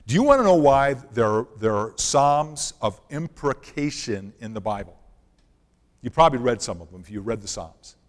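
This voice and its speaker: A middle-aged male pastor preaching a sermon in a conversational way, sometimes dropping his voice very low for emphasis. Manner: conversational preaching, drops to near-whisper for emphasis. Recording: long hall reverb.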